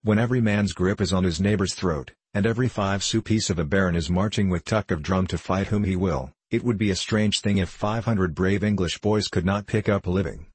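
A swaggering soldier's voice, deep and husky, full of hearty boasts, as a male storyteller puts him on. The sound is close and dry, with no room around it. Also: fairly quick, few pauses, no echo. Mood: hearty boasting. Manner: hearty, boastful, free-spoken.

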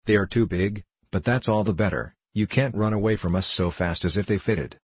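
A man voicing a warm, cheerful, motherly woman with a brisk, kind way of speaking. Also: fairly low pitch, husky, no echo.

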